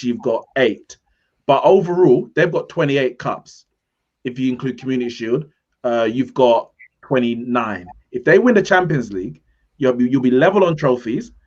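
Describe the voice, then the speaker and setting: Argumentative man on a dull lo-fi line. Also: mid-range voice. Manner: argumentative, lists stats. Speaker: panelist. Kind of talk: casual football debate.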